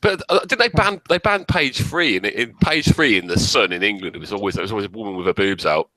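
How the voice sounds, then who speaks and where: Fast, lively man rambling in casual chat. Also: lowish voice, no echo, rough recording. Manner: rambling, swears a lot. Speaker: guest.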